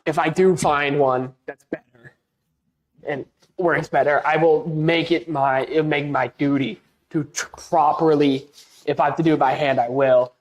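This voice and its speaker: A woman's voice: low-pitched, fairly even intonation, unhurried, a little mellow. Rambling woman streamer chatting to viewers. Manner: rambling, with many restarts; self-deprecating and laughing easily. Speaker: live streamer. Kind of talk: casual chat with a stream audience.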